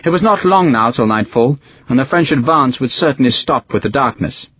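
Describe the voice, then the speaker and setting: Male audiobook narrator, lively pitch, husky, dry and slightly muffled recording. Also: brisk, no room sound. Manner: expressive storytelling with varied pitch. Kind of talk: scripted narration.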